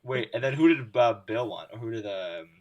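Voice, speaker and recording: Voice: medium pitch, brisk, darkish tone. A guest on a podcast, chatting casually and playfully. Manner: laughs often, playful. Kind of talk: casual chat.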